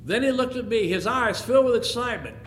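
A man telling a first-person story in an expressive, emotional way. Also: very high voice, fast. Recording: echoey room, faint noise.

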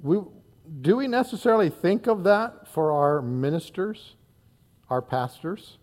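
A man's voice: high voice, sing-song, measured pace, darkish tone. A man in his sixties from northern Indiana, preaching a sermon in an earnest, conversational way with frequent fillers and repeated words. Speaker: pastor.

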